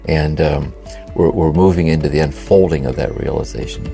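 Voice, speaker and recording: A man's voice: very deep voice, fairly even intonation, moderate pace, vocal fry, music in the background. An older man, co-host of a spiritual podcast, talking in a meditative, reflective way and often asking "see?". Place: home by the ocean.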